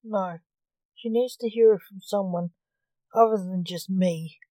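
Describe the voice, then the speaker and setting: A woman reading the part of a young male necromancer who speaks in a flat, matter-of-fact way. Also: mid-range voice, measured pace, dry recording, natural voice. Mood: weary. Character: weary young male necromancer, reaper's son.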